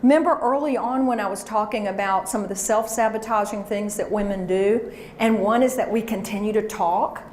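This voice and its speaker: A woman with a medium-pitched, darkish voice speaks fairly quickly as she leads a workshop in a large room with an audience. She coaches the live crowd energetically with call-and-response chants, and the echoey recording has a little hiss or hum.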